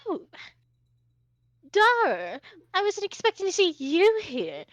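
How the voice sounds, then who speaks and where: A woman's voice: very high-pitched, huge pitch swings, slow pace, no echo, lo-fi sound, voice pushed up, full character voice. A woman voicing a haughty, flamboyant male noble in a tabletop game, arch and teasing.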